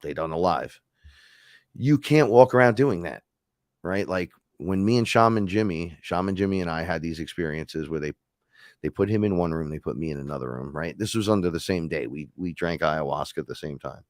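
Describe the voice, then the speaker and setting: A man's voice: sits low, animated, brisk, no room sound, studio quality. A man hosting a casual spiritual talk, telling stories in a rambling, profane way. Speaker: host.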